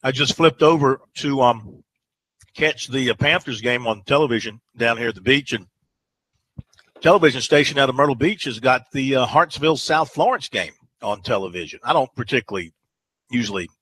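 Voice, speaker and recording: A man hosting a sports talk radio show. He talks in a loose, rambling way, stopping and restarting with lots of ums and uhs. His pitch sits at an ordinary middle level. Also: sharp tone, rough recording. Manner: rambling, hesitant, many fillers.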